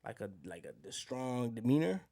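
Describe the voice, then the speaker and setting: A man's voice: medium pitch, sing-song, normal speed, gravelly, warm tone. A man co-hosting a podcast, telling rambling stories in casual chat and acting out what people said. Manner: rambling storyteller, acts out quotes. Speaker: podcast co-host.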